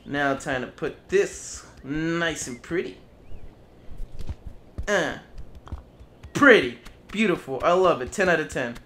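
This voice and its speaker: A man's voice: on the high side, expressive, slow, long pauses, fairly bright tone, a little hiss or hum. A man giving casual gameplay commentary, playful and taunting, swearing as he speaks in character as a goose. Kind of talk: casual let's play commentary.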